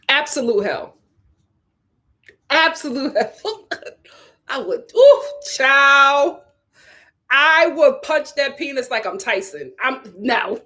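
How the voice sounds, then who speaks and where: A young woman talks straight through a live-stream review, her fairly high voice rising into loud outbursts and dropping to low mutters. She repeats her lines for emphasis in a casual, animated rant. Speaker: YouTube reality-TV reviewer.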